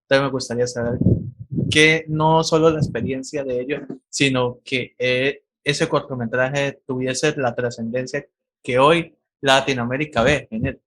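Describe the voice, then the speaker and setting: Man hosting an interview, measured. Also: medium pitch, steady tone, a bit bright. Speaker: interview host. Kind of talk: asking interview questions.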